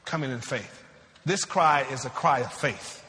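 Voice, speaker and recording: A man preaching a sermon, asking the congregation questions and slowing down to draw out scripture verses. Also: medium pitch, bright, forceful tone, long reverb tail. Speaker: pastor.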